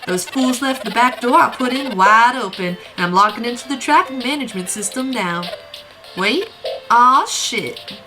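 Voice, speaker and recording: While playing a game, a woman voices a folksy hacker's dialogue in a put-on, wobbly country drawl full of homespun sayings. Her voice is on the high side, lively and brisk, lightly acted, and the low-quality recording has game music behind it.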